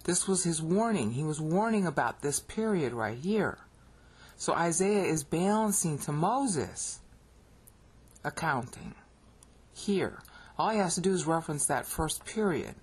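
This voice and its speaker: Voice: medium pitch, expressive, unhurried, breathy edge. A Bible teacher with an American accent, narrating a screen-recorded lecture and checking in with listeners with frequent "okay?" as they explain.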